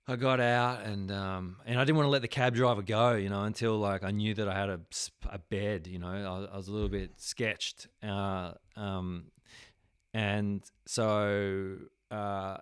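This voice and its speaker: A man's voice: lowish voice, clean tone, dry recording, clean studio sound. A young man with an Australian accent telling a travel story casually, rambling with lots of fillers and the odd swear word.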